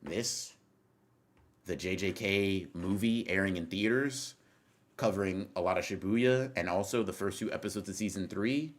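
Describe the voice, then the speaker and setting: A man's voice: low voice, moderate pace. A young man livestreaming, chatting casually with his viewers in a rambling, profane way that keeps interrupting itself as he reacts to chat.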